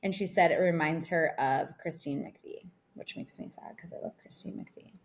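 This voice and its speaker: A woman's voice: low-pitched, normal speed, vocal fry. A young woman co-hosting a podcast from a remote setup, telling a long story in casual chat and saying "like" often. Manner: rambling storyteller, heavy use of "like". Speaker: podcast co-host. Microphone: remote recording.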